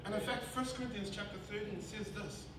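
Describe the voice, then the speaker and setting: A man with a New Zealand accent preaching a sermon, telling a family story with animated swings between loud laughing bursts and quiet earnest passages. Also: high-pitched, fairly quick, far from the mic, over a noisy crowd. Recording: echoey hall, recorded from afar, with noticeable background noise.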